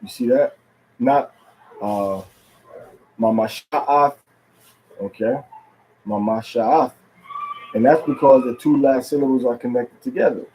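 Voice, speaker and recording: A man giving an informal religious lesson on Hebrew pronunciation, pausing often with fillers and repeating words as he thinks. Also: mid-range voice, lively intonation, mellow, a little hiss or hum, poor audio. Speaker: religious teacher.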